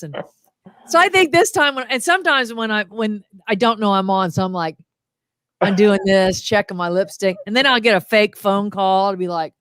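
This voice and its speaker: Her voice is medium-pitched and moderately paced, captured at studio quality without echo. She is a middle-aged motivational humorist guesting on a video call for a casual interview, an animated storyteller who performs quotes in voices.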